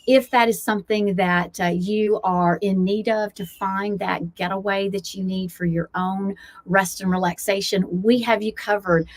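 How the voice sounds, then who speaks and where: A woman's voice: mid-range voice, fairly even intonation, normal speed, few pauses. A woman with a Southern American accent, a wellness coach and travel host talking earnestly and motivationally, with frequent fillers. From United States, Blue Ridge foothills. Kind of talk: casual talking-head vlog. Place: outdoors, aircraft overhead.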